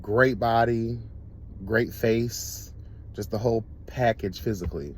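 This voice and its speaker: A man hosting a casual talk show, telling stories in a camp, animated way and laughing often. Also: medium pitch, measured pace, slight background noise. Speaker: host. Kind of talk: casual storytelling chat.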